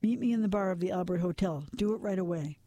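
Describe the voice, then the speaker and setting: A man's voice: sits high, fast, mellow, no room sound, lightly acted. A man voicing a cruel older male blackmailer with a cold, taunting manner in a noir storybook reading.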